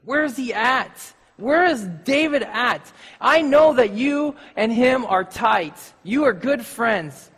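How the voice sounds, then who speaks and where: Man doing a furious jealous king, high and husky, drawn-out demands, echoing hall. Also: very animated, fairly bright tone, full character voice. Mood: suspicious. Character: angry jealous older male king and father.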